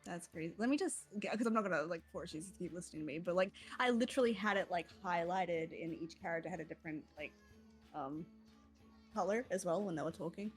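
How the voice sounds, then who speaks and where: A woman's voice: fairly low pitch, quick pace, soft background music. A young woman playing in a tabletop game, chatting casually, laughing often and swearing freely. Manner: giggly, rambling, swears freely. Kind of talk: casual streamed game chat.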